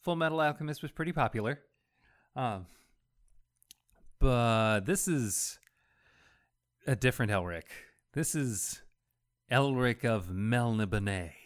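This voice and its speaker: A man in a casual comics chat, talking haltingly with frequent restarts and laughs. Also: mid-range voice, animated.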